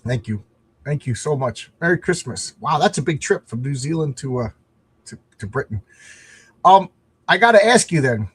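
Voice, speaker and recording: A man's voice: a little high, animated, moderate pace, slight background noise. A man hosting a casual livestream, chatting in a rambling, self-deprecating way with frequent restarts. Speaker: comic book creator and livestream host.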